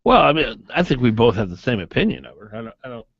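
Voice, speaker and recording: An emphatic, argumentative man co-hosting a talk radio show, pressing his points in quick banter. His voice sits at an ordinary middle pitch. The studio sound is dry and a little dull. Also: sing-song, creaky, a bit bright, breathy edge, no room sound.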